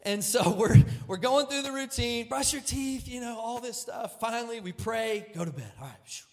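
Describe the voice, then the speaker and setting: A male pastor preaching with a personal story, animated and self-deprecating, moving between loud outbursts and hushed, serious moments. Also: very high voice, normal speed. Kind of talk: sermon storytelling.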